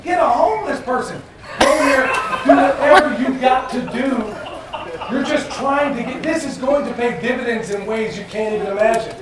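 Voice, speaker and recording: High-voiced man joking from a distant stage. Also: normal speed. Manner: joking, conversational, plain-spoken. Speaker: festival presenter. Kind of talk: live talk to an audience. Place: event venue with audience. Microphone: far from the mic. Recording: very echoey, distant, noisy live room.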